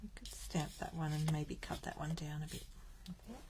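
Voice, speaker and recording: A woman's voice: low voice, a little fast, background noise. A woman from Australia hosting a live card-making stream, chatting and thinking aloud as she works. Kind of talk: live crafting stream chat.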